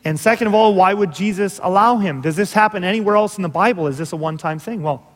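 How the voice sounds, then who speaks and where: A man preaching a sermon as pastor, earnest and emphatic, with dramatic pauses and rhetorical questions. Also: high-pitched, big-room sound.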